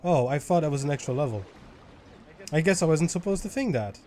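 Gamer guy swearing at a level, yells then mutters, high voice swinging all over. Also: animated, fairly quick, a little hiss or hum. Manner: swings from loud frustrated yelling to low muttering; swears a lot. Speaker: gaming YouTuber. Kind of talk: let's play commentary.

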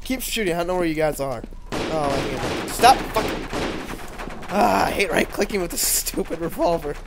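A man's voice: on the high side, fairly quick, very noisy. A man recording a co-op game, joking and swearing as he plays. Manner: excitable, swearing, jokey. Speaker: gamer recording a let's play. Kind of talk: casual co-op game chat.

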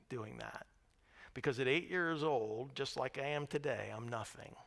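A man preaching a sermon as pastor, swinging from hushed, quiet words to loud, shouted storytelling. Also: mid-range voice. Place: church sanctuary. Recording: reverberant church hall.

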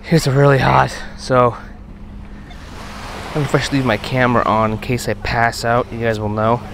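A man giving casual running commentary while metal detecting on a beach at night, chatting to his finds with excited bursts. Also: medium pitch, measured pace, vocal fry, background noise. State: out of breath.

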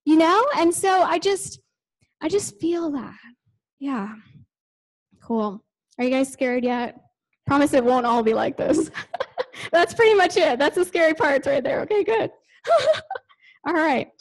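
High-voiced chatty woman preaching. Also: animated, slow pace, long pauses, low-quality recording. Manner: chatty, lots of "like" and "you know". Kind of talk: conversational sermon. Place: church.

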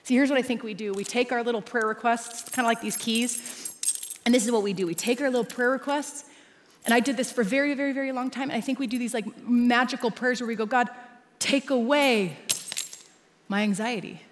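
A woman pastor preaching a sermon, swinging between loud emphatic lines and hushed asides. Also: a little high, fairly even intonation, fast, slight background noise. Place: large church auditorium. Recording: long reverb of a large church hall.

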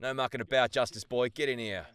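A man's voice: medium pitch, fast talker. A man, a voice actor bantering playfully with strangers during a video game. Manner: playful, excitable banter with loud outbursts. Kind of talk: casual gaming voice chat.

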